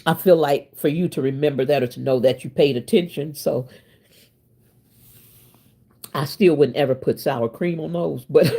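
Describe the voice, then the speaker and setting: Woman, fifties, low-pitched, husky voice, casual chat to viewers, laughs a lot. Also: normal speed, pauses often, warm tone. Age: 50s. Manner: chatty, laughs often, talks straight to viewers. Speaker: channel host.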